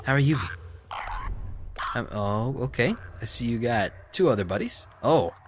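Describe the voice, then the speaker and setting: Man, let's-play commentary, lively swinging pitch, slow drawl, hushed whispers to yelling, game noise behind. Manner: mock-polite taunting of enemies. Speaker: gaming commentator.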